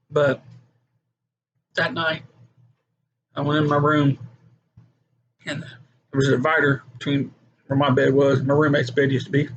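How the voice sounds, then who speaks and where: Testimony speaker: earnest man, somewhat high and gravelly, muffled recording with noise behind him. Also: fairly bright tone. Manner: earnest storytelling with acted quotes. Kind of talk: personal testimony.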